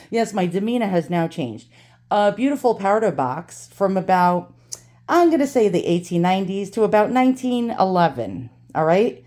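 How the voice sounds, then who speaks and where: A woman's voice: mid-range voice, big pitch swings, a little slow, mellow. A woman with a New York accent hosting an antique unboxing vlog at home, ranting and cursing, then turning cheerful. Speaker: antique channel host. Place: home with dogs.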